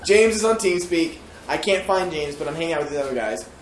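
A man's voice: a little high, expressive, brisk, slight background noise. A man co-hosting a podcast, rambling through a story with frequent giggles. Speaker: podcast co-host. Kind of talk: casual chat, storytelling. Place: room with friends. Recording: roomy echo.

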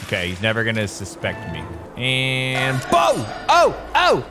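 A young man giving excitable, joking gameplay commentary. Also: medium pitch, unhurried. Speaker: YouTuber. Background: game music.

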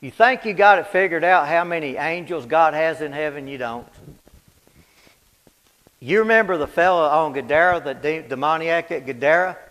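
A high-pitched man preaches a Bible study sermon in a plain, folksy manner. He hammers home his points with repetition and drops from loud proclamations to hushed asides. The sound rings with the long echo of a church hall. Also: brisk, hardly any pauses. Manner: emphatic and repetitive, swinging from loud declarations to low, quiet asides.

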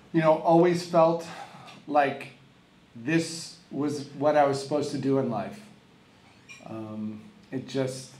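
A middle-aged man and longtime tennis coach giving a hall of fame acceptance speech, telling humorous anecdotes with halting restarts. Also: medium pitch, a little mellow, a little hiss or hum. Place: large event hall. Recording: echoey hall with faint ambience.

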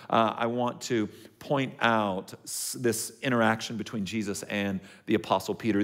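A male pastor delivering a sermon in a loose, conversational manner, often checking in with the congregation. His voice jumps up and down as he acts out the lines he quotes. His pitch sits right in the middle for a man. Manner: conversational and animated, checks in with listeners.

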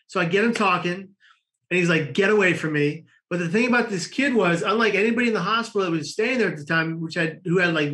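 Bright-voiced man telling a story. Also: high voice. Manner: animated storyteller, laughing often, many restarts. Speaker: guest. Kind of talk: storytelling in conversation.

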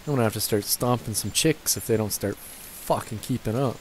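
On a gaming headset, a young let's play gamer with a low-leaning voice talks briskly, swearing, joking, and chatting to the game characters as he plays. The recording is rough, with a little hiss or hum.

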